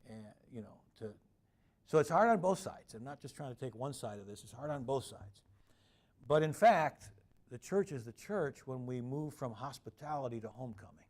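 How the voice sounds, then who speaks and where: A middle-aged man giving a public lecture, telling lively anecdotes and acting out the people he quotes. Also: mid-range voice, moderate pace.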